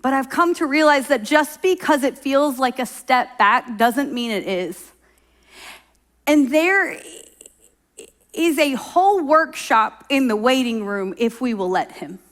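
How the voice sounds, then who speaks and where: Woman pastor, middle-aged, high voice, chatty sermon delivery with acted-out quotes. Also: animated, measured pace, fairly bright tone. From Oklahoma. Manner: conversational storytelling, acts out quoted voices.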